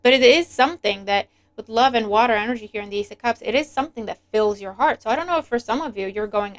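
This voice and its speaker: A woman's voice: medium pitch, fast. A woman reading tarot cards to her viewers in a chatty way, often acting out little imagined exchanges and checking in with "right?". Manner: chatty, lots of "right?" and acted-out inner dialogue. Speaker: tarot reader. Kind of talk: casual tarot reading monologue.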